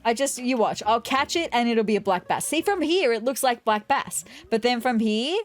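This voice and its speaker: A woman's voice: fairly high pitch, animated, moderate pace, faint music behind. A woman gaming YouTuber chatting casually and digressively over her gameplay, laughing easily.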